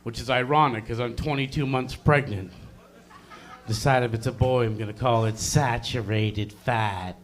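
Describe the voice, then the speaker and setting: A man doing a self-mocking stand-up set in a small club, breaking into loud high yelled bits. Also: fairly even intonation, moderate pace. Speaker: stand-up comedian. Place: small comedy venue with a live audience.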